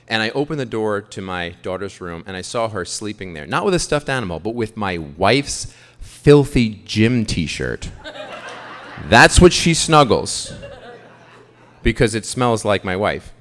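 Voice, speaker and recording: A man's voice: lowish voice, sing-song, a little slow, a bit bright. A man in his thirties from Queens, telling a confessional, self-deprecating story on stage. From Queens, New York. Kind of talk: live storytelling. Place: theater stage. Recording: long hall reverb.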